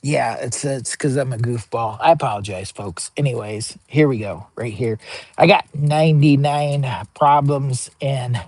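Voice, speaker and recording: Goofy gravelly live-streaming man. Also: mid-range voice, moderate pace, few pauses, no echo. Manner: joking, hyped, begs for likes, bursts of excitement. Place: outdoor campsite by a pellet stove.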